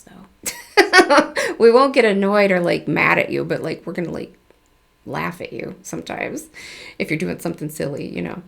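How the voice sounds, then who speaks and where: Gravelly-voiced woman chatting to her viewers. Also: lowish voice, a little mellow. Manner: chatty, laughs often, acts out dialogue. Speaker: spiritual channel host. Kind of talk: casual talk to camera.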